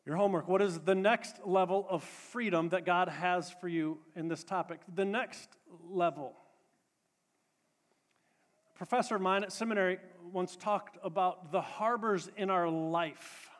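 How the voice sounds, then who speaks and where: A man's voice: high voice, unhurried, big-room sound. Man preaching with rising emphasis. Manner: preaching with rising emphatic repetition, then casual announcements. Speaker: pastor. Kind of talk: sermon. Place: church sanctuary.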